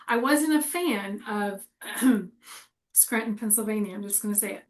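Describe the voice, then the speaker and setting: A woman's voice: medium pitch, moderate pace. A woman in her forties chatting casually and candidly, rambling and laughing often. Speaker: co-host. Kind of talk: casual chat.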